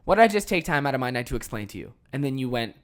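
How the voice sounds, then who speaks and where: A man hosting a podcast, telling a work story in a heated, profane rant that swings between loud outbursts and low muttering, laughing at himself along the way. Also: big pitch swings, rapid-fire. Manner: self-deprecating, laughs at himself. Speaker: podcast host. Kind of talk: casual ranting monologue.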